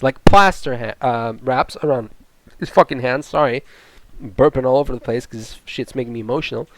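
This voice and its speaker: A young man rants about a fight in a loose, profane and excitable way, jumping between thoughts. His voice sits a little high. The sound is dry and close, with no room echo. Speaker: MMA commentator. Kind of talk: ranting casual commentary.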